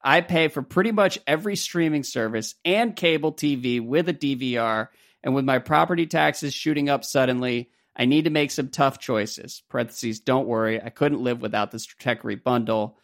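A man's voice: mid-range voice, normal speed. A man hosting a tech podcast with wry, dry humor, chatting and reading listener emails aloud. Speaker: podcast host. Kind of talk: casual podcast chat and reading listener mail.

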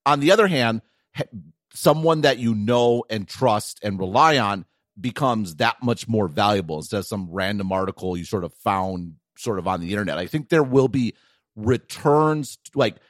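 A middle-aged man with a Wisconsin accent talks tech on a podcast, his fairly low voice jumping up when he gets going. He restarts often and tags his points with "right?" and "like". The sound is dry and close to the mic. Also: no echo. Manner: animated, quick restarts and frequent "like" and "right?". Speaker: podcast co-host, tech analyst. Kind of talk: casual podcast chat.

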